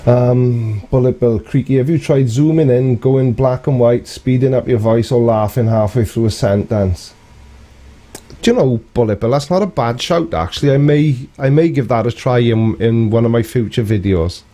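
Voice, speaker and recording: A man's voice: medium pitch, moderate pace, dark tone. A man hosting a live stream, reading out viewer comments in a rambling, cheeky way and chuckling often.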